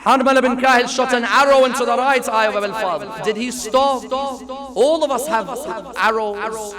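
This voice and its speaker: A man preaching a mourning sermon, impassioned and building to a high lament, recorded at a mosque gathering. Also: moderate pace, a crowd in the background. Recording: audience audible in hall. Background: audience in the hall.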